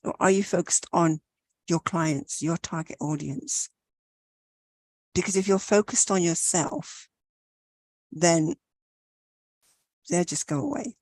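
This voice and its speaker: A woman giving a motivational talk in a steady way, asking reflective questions. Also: lowish voice, takes it slowly, long pauses, no echo. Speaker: talk show co-host.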